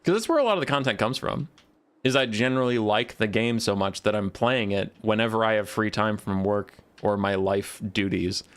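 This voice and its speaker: A man's voice: lowish voice, normal speed. Rambling, sarcastic male game streamer. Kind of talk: casual live stream commentary.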